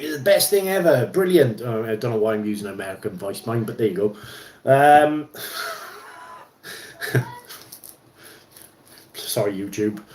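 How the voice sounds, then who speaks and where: Chatting casually as he wrenches on an RC car at his bench, this livestream host speaks in a mid-range voice, rambling and restarting with lots of ums. The room is echoey, with a little background noise.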